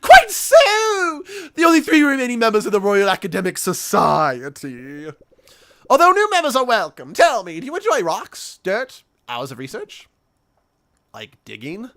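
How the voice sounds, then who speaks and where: A man voicing a pompous old gentleman archaeologist in a game, with plummy theatrical exclamations. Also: high-pitched, huge pitch swings, normal speed, pitched above the performer's own voice, full character voice.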